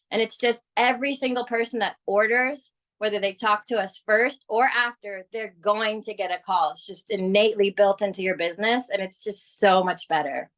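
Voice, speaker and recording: A woman coaching her sales team on a group call, talking with energy and persuasion. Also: medium pitch. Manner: energetic, persuasive, acts out quoted clients.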